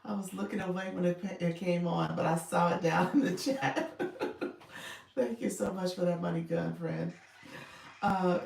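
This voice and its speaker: A woman's voice: lowish voice, gravelly, darkish tone. A woman coaching on a casual livestream, thanking viewers by name and laughing often. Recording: echoey room, mic at a distance.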